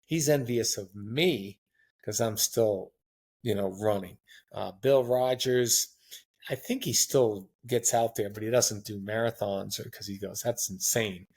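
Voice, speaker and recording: A man in his sixties chatting as a podcast guest, telling long rambling stories in a relaxed, anecdotal way. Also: fairly low pitch, unhurried, breathy edge. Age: 60s. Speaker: guest marathon runner. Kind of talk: casual interview chat.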